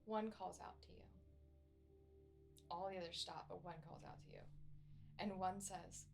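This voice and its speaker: A woman narrating as game master of a tabletop game, slow and measured. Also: fairly low pitch, steady tone, creaky, soft background music.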